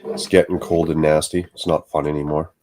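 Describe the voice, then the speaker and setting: A man's voice: rumbling low, flat delivery, brisk, warm tone. A man chatting casually on a livestream while building, laid-back and commenting on what he's doing as he works.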